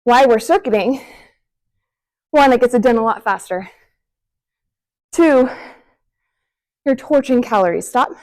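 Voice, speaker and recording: A young woman with a slightly high voice coaching a home workout. She is out of breath and puffs between cues. She counts down sets and cheers the listener on. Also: measured pace, long pauses, a little mellow. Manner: encouraging, counting down reps between short breathy exhales. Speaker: fitness instructor. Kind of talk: follow-along workout instruction.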